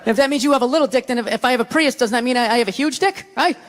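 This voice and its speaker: A male stand-up comedian on stage, ranting and swearing with sudden shouted bursts. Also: extremely high pitch, rapid-fire. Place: large comedy venue on stage. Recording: live hall with loud audience. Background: audience laughter.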